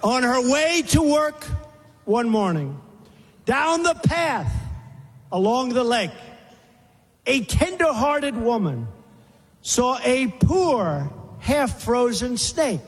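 A man addresses a crowd in a slow, emphatic, dramatic recitation, repeating phrases for weight. His voice sits very high for a man. Long reverb from a large hall follows him. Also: very animated. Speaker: speaker at a rally. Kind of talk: recited poem in a speech.

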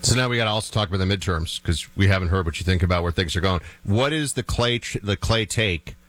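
A man hosting a talk radio show, moving from jokey banter into a brisk live ad read. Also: sits low, a bit bright.

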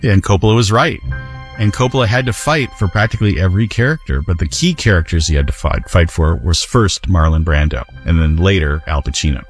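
Very low male voice, calm commentary, soft music underneath. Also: brisk. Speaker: author interviewed about a film. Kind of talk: documentary commentary.

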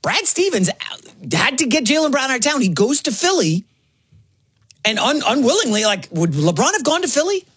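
Excited sports radio host, a man. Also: extremely high pitch, slightly rough, no echo. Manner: excited, quick asides and self-corrections. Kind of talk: energetic sports talk.

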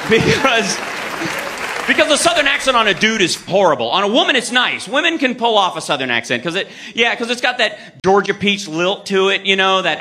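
Man from Kentucky, stand-up comic, high lively voice, storytelling, loud club crowd, audible noise. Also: fairly quick. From Kentucky, United States. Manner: animated storyteller, acts out voices. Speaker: stand-up comedian. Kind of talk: stand-up set. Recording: comedy club with audience and noise. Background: crowd laughing.

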